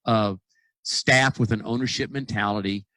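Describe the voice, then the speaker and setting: Animated storytelling man, dry sound. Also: fairly low pitch, moderate pace, no room sound, rough recording. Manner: animated storyteller, acts out quoted dialogue; frequent restarts and repeated words. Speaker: dentist and practice consultant guest. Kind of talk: casual podcast conversation.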